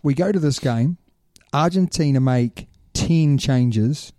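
A man's voice: mid-range voice, takes it slowly, no room sound, clean studio sound. A man hosting a rugby talk show in casual, opinionated chat, calling his co-host mate. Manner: animated, opinionated, says "mate".

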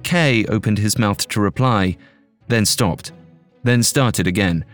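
A man reads a scripted audio drama with measured, dramatic storytelling. His voice is fairly low, and faint music plays behind him. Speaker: narrator.

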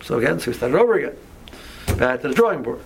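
Gravelly man teaching a casual class. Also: medium pitch, big pitch swings, a little hiss or hum, poor audio. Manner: conversational, halting, many restarts and asides. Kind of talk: informal Torah class.

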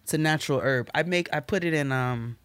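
A woman co-hosting a podcast in casual chat, playful and quick to laugh. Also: low-pitched, smooth, no room sound. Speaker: podcast co-host.

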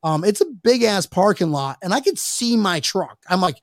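A man's voice: sits high, lively intonation, moderate pace, hardly any pauses, no room sound, clean studio sound. A man hosting a podcast, telling a rambling story with plenty of swearing and restarts after he has been drinking. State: tipsy from drinking. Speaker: podcast host. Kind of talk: casual chat.

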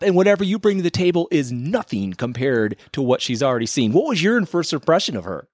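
A man co-hosting a podcast, telling a story in lively casual chat, his voice jumping up for effect. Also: on the high side, a little fast, hardly any pauses, no echo, clean studio sound. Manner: animated storyteller, voice jumps up for effect. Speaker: podcast co-host.

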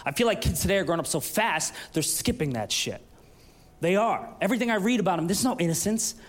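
High-voiced, animated male comedian. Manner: rapid, incredulous storytelling. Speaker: stand-up comedian. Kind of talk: stand-up comedy set.

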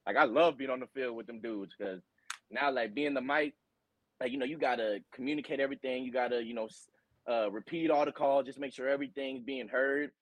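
In this interview, a relaxed young adult from Tennessee who plays linebacker in college talks a little fast at a medium pitch, with many fillers. The audio is poor, though it has no echo.

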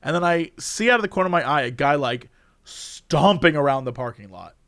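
A man's voice: a little high, animated, fairly quick, fairly bright tone. A man telling a funny story in a casual chat, laughing often and acting out the people he quotes. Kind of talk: casual anecdote.

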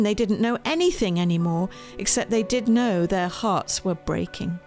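Female author reading her storybook aloud, gentle, expressive, mid pitch, soft music bed. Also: normal speed, few pauses. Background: faint music.

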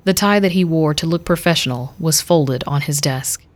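A woman reading a dark fantasy story aloud in a measured, even voice. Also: sits low. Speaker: narrator. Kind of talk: scripted story narration.

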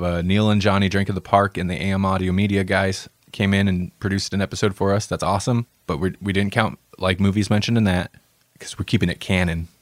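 A man with a fairly low voice hosts a podcast in loose, joking chat, rambling and laughing often. The sound is dry and close, with no room echo. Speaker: podcast host. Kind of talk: casual chat.

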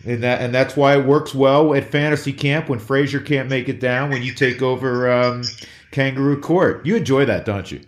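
A man's voice: mid-range voice, fairly even intonation, normal speed. A male sports radio host interviewing a guest in a conversational way, leading into his questions.

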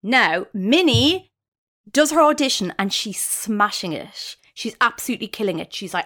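A woman with a fairly high voice tells a story on a podcast, her pitch leaping all over as she goes. She talks in a chatty, animated way, full of fillers. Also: normal speed. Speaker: podcast co-host. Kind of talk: storytelling chat.

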